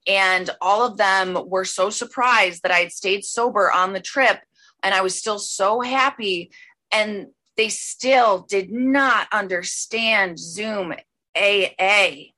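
Bright-voiced woman, rambling and excited. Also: mid-range voice. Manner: rambling, filler-heavy, with bursts of excited speed. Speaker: speaker sharing a recovery story. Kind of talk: personal testimony at an online recovery meeting.

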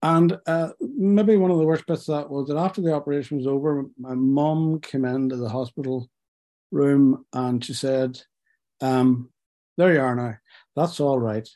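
A man recounts his own life in a personal testimony. His voice is warm and mellow, pitched in an ordinary middle range, and his speech moves in halting stretches, pausing and restarting as he reflects. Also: steady tone.

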